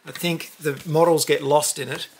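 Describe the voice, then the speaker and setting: Animated man hosting an unboxing. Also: fairly high pitch, moderate pace, gravelly, husky. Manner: animated, exaggerated cheers and mock outrage. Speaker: host. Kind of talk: casual unboxing commentary.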